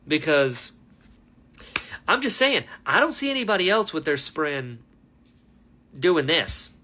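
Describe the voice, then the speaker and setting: A man giving a casual, animated book reaction, ranting with lots of fillers. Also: fairly high pitch, takes it slowly. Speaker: book reviewer.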